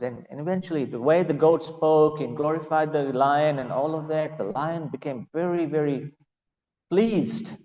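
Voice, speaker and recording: A man's voice: on the high side, normal speed, mellow, reverberant, big-room sound, lo-fi sound. Man telling a story in a class, hesitant. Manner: hesitant, many fillers. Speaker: class speaker.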